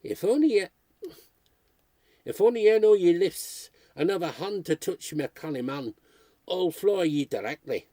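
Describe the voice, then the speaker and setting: A man voicing a big, fierce, protective fishwife who shouts threats in a Tyneside accent. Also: high-pitched, expressive, a little slow, no echo, clean studio sound, pitched above the performer's own voice. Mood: fierce threatening.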